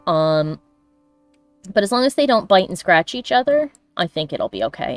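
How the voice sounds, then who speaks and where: Drawing live on stream, this woman artist laughs often and talks casually and affectionately with her viewers. She speaks on the low side at normal speed, very animated, over soft background music.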